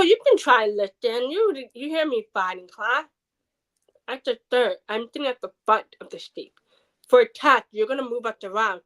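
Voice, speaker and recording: Animated higher-pitched woman telling her story. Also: low-quality recording. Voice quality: hard of hearing speaker. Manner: animated, acts out quoted people. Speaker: podcast guest. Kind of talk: personal storytelling interview.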